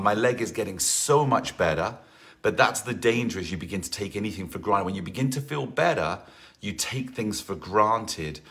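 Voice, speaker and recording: A man's voice: on the low side, a bit bright. A man leading a live online workout class as fitness instructor, chatty and encouraging, greeting viewers by name between rambling asides.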